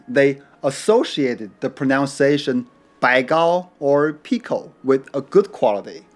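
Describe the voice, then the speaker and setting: A man giving a measured, unhurried explanation about tea, adding small playful asides. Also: on the high side. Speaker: tea educator. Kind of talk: scripted educational narration.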